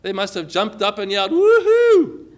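A male preacher with a high, bright voice delivers his sermon with animated emphasis. He asks the listeners questions and leans hard into the key words. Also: normal speed.

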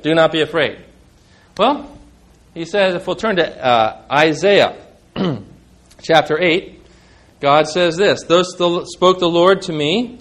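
Male pastor, high voice, emphatic sermon delivery with conversational asides to the congregation. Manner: emphatic, rising when quoting scripture, conversational asides to the congregation.

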